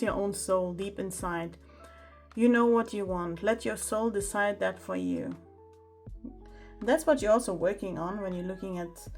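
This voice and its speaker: A woman giving a pick-a-card tarot reading, chatting and exclaiming over the cards as she reads them aloud. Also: mid-range voice. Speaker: tarot reader.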